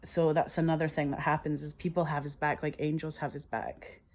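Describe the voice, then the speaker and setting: Woman screenwriter, low voice, pitching her film scene by scene: enthusiastic, emotional, self-mocking laughs. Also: level tone, fairly quick, darkish tone. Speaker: filmmaker describing her screenplay. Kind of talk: animated scene-by-scene retelling.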